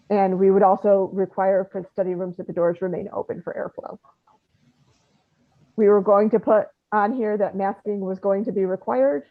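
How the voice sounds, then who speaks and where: A woman on staff presenting a plan at a board meeting, in a halting way with many pauses and fillers. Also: medium pitch, gravelly. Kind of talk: meeting report. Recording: tinny phone-like audio.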